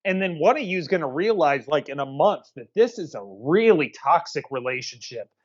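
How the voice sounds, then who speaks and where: A man's voice: on the high side, sing-song, moderate pace. Laid-back male co-host on a dull mic. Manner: laid-back, crude, hesitant. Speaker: podcast co-host. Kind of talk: casual movie review chat.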